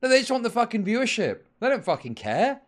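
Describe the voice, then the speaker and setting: A man doing a live-stream reaction, loud and mocking, swearing often and mimicking people. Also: very high-pitched, big pitch swings, fast talker.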